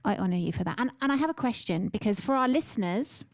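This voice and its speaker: A woman's voice: medium pitch, animated, fast talker, dry recording, clean studio sound. A woman hosting a podcast who responds effusively and asks her guest questions. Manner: warm, effusive listener with frequent affirmations. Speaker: podcast host. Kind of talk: interview conversation.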